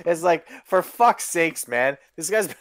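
A man's voice: fairly high pitch, expressive, measured pace, a bit bright, a little hiss or hum. A male co-host in casual chat, rambling, amused and swearing constantly.

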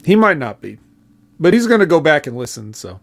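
A man's voice: a little high, big pitch swings, fairly quick, vocal fry. A man co-hosting a wrestling review podcast, recapping events in a laid-back way with fillers. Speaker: podcast co-host.

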